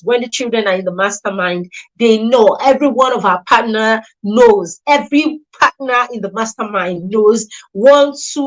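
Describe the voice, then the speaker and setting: A woman's voice: medium pitch, low-quality recording. A woman hosting and promoting a children's mentorship program, talking in an emphatic, persuasive way and repeating her key points. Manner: emphatic and repetitive, stressing key words.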